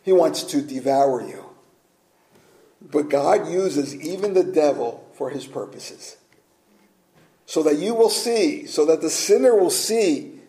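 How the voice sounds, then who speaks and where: A man's voice: fairly high pitch, mellow, echoey room, low-quality recording. A man preaching a sermon as pastor, earnest and direct, asking his listeners rhetorical questions.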